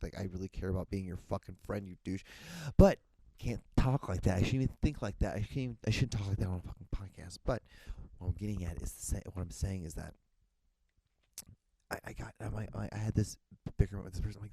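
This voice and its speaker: Young guy rambling on his solo podcast, swears a lot, lowish mellow voice. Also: creaky, breathy edge, no room sound. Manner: rambling, restarts often, swears casually. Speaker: podcast host.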